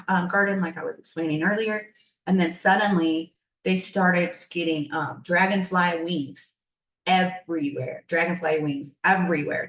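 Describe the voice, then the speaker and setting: A woman's voice: on the low side, fairly bright tone. A woman spiritual coach telling stories in a casual, chatty and enthusiastic podcast style, rambling along as she goes. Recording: roomy, distant, dull sound.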